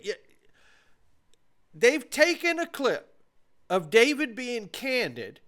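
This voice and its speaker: Talking straight to his audience, the host of a crypto commentary channel gives casual, emphatic and opinionated takes. He has a high, slightly bright voice.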